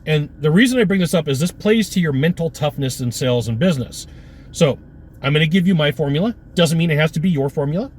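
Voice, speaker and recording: A man giving an energetic, punchy sales coaching talk with lots of repetition. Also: on the high side, fast, a little hiss or hum.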